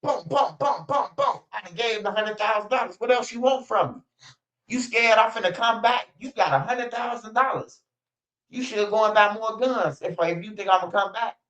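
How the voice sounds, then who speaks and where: High-voiced guy ranting, blunt n profane, lots of slang, kinda muffled lo-fi audio. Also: fairly quick, fairly bright tone. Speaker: streamer. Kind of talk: casual ranting commentary.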